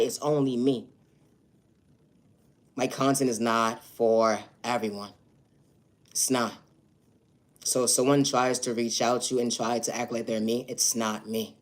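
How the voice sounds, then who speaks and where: A man's voice: medium pitch, fairly even intonation, unhurried, long pauses. A man delivers a motivational monologue to his own viewers, earnest and insistent in tone. He keeps circling back to a few set phrases, repeating them as refrains throughout. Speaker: self-made video creator.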